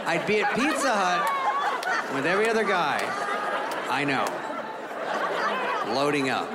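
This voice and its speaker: A man performing stand-up comedy on stage, wry and self-mocking, with sudden squeaky put-on voices. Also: sing-song, moderate pace, pauses often. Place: stage before a laughing live audience. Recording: large hall with loud crowd noise.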